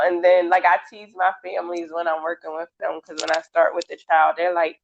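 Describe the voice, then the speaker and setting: A woman hosting an interview, relaxed and chatty, laughing often as she asks questions. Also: lowish voice, normal speed, vocal fry, hardly any pauses. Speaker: interview host. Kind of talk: casual interview chat. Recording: dull lo-fi sound.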